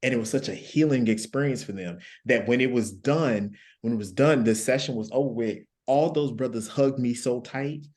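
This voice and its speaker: A man's voice: medium pitch, moderate pace, hardly any pauses, a little mellow. A man speaking as a guest life coach on a panel, telling stories earnestly and repeating key phrases for emphasis. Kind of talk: panel discussion, storytelling.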